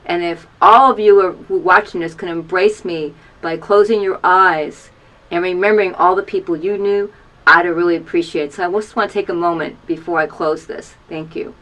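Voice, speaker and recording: In a small booth, a woman in her fifties earnestly recounts her experience with HIV, openly emotional and repeatedly urging her audience to act. She speaks at normal speed with fairly even intonation and a slightly bright tone, her voice sometimes dropping low, over a rough recording.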